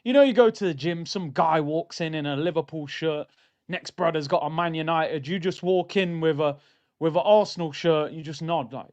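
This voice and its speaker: In a muffled recording, a young man with a high-pitched, clear and resonant voice talks at a moderate pace. It's a casual live-stream chat before a football match, and he's animated and exasperated as he banters with viewers.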